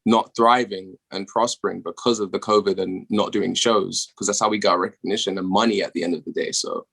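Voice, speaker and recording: A young British man, a musician guest on a podcast, talking casually over a remote call, laid-back and quick to swear and laugh. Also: lowish voice, steady tone, gravelly, fairly bright tone, breathy edge. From England.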